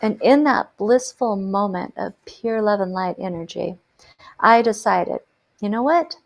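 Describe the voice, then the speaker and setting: Earnest middle-aged woman, gravelly edge. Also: mid-range voice, measured pace. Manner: earnest and reflective, with emphatic repetitions. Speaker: host, life coach and hypnotherapist. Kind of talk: personal storytelling to camera.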